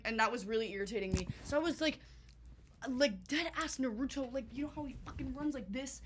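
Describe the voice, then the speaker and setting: A young woman telling a storytime vlog in a chatty, animated way, full of swearing and filler words. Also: on the high side, fairly quick, slight background noise. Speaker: vlogger.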